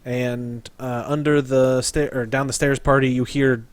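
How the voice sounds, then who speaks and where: A man's voice: medium pitch, little pitch movement, unhurried. A man running a tabletop game as game master, narrating casually and laughing often. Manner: casual, with frequent laughs and fillers.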